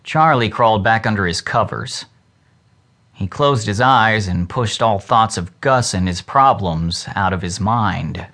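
A man narrating a children's book as an audiobook in a slow, measured reading. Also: on the low side. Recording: loud steady hiss.

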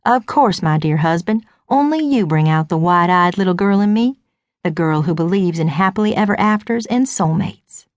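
A woman's voice: on the low side, animated, normal speed, dry recording, close to an everyday voice. A woman voicing a young wife who fakes breathless, sugary devotion in an exaggerated Texas twang. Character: young woman faking breathless Southern sweetness.

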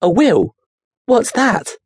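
A man's voice: fairly high pitch, big pitch swings, a little fast, no room sound, studio quality, voice pushed up. A man voicing a bewildered fourteen-year-old boy who asks startled questions.

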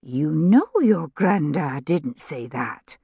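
A woman voicing a polite, sincere young mother with a gentle manner. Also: low-pitched, animated, takes it slowly, vocal fry, slightly rough, no echo, exaggerated voice. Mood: chiding.

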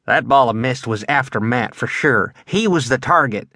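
A man voicing a feisty, jumpy schoolboy in a children's audiobook, sharp and insistent. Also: mid-range voice, expressive, moderate pace, no echo, clean studio sound. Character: feisty boy, jumpy and quick to punch.

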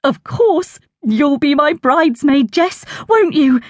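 A woman voicing a romantic, excitable middle-aged aunt in a children's storybook, with a dreamy, gushing manner. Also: sits high, slow, no room sound, pitched above the performer's own voice.

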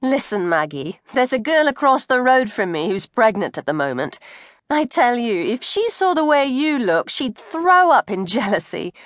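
A woman voicing a cheerful, reassuring young female friend in a bright, raised voice. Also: fairly high pitch, very animated, moderate pace, no echo, clean studio sound, voice pushed up.

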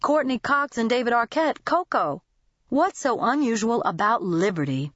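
A woman's voice: medium pitch, normal speed, no echo, highs cut off, lightly acted. A woman voicing a brash, irritated young waitress with a snappy, sarcastic way of talking.

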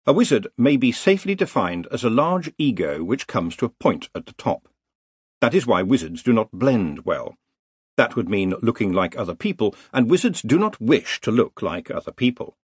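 A man's voice: mid-range voice, very animated, moderate pace, slightly rough, no echo. A man narrating an audiobook in a wry, dry comic storytelling manner. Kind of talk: scripted narration.

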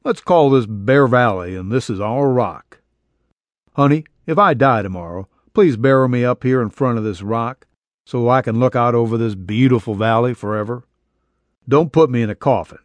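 A man voicing an earnest, soft-spoken cowboy in his twenties in an audiobook. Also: mid-range voice, moderate pace, no room sound, natural voice. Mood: tender.

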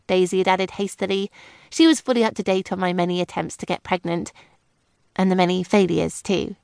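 A woman's voice: fairly low pitch, moderate pace, no echo, studio quality. A woman reading a novel aloud as a first-person narrator. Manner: even, clear storytelling. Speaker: audiobook narrator.

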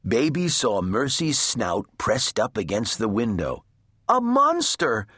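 Husky, slow-paced storybook narrator man. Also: on the low side, expressive, no room sound, studio quality. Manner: gentle, deliberate storytelling. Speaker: audiobook narrator.

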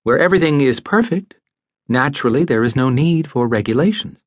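A man narrating a classic novel as an audiobook, measured and expressive. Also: mid-range voice, no room sound, clean studio sound.

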